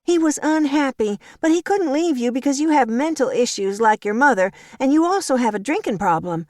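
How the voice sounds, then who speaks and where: A woman reads out a clingy young woman of twenty-five in an audiobook, her voice pitched way up and swinging wildly as she pleads and wails. It comes across close and dry. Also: lively intonation, fairly quick, darkish tone, no room sound. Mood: smug. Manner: wailing, pleading, high and tearful.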